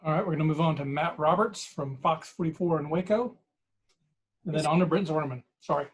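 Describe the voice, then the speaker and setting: Man, press conference moderator, brisk, fairly high voice. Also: rough recording. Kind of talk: brief announcements.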